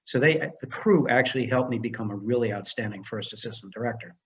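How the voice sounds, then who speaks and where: A man's voice: medium pitch, fast. An older man, a film director and screenwriter, telling stories as a guest in a casual interview and acting out the dialogue. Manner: animated storyteller who acts out dialogue.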